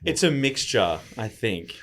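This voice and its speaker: A man's voice: medium pitch, very animated, unhurried, a bit bright, slight background noise. A man, a father of two, reflecting on family life as a podcast guest. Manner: laid-back, reflective. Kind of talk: casual podcast chat.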